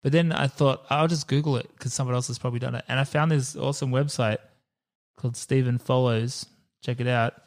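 A man's voice: medium pitch, steady tone, a little mellow. A man co-hosting a podcast, reviewing a movie in a chatty, casual way and laughing often. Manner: chatty, quick to laugh, thinks aloud. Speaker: podcast co-host.

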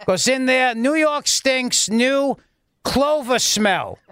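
A man doing a mocking impression of a pompous, boastful male governor in a slow, self-satisfied drawl. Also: very high-pitched, animated, a bit bright, clean tone, voice pushed up, heavily acted. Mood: smug.

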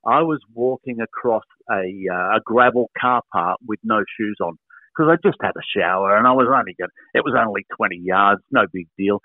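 An older Australian man, once a footballer, recounts his playing days in an animated, anecdotal way. His voice comes through a narrow, tinny radio line. The sound is dry, with no room around it. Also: fairly low pitch, normal speed, no echo. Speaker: former footballer, guest. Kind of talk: storytelling interview answers.

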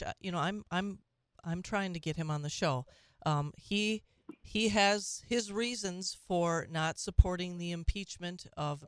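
A woman's voice: lowish voice, clean tone, no room sound, studio quality. A woman hosting a call-in talk radio show, speaking conversationally with frequent restarts and asides.

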